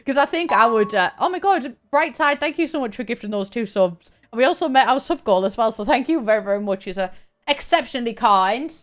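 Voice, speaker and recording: A young woman chatting and laughing while she streams a game, talking in halting bursts with frequent restarts. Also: fairly high pitch, animated. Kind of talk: casual live-stream chat while gaming.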